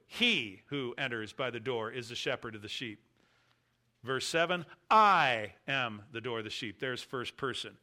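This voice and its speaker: A man preaching a sermon, stressing key words loudly and letting his phrase ends fall low and quiet. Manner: emphatic, stresses key words with bursts of volume. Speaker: pastor.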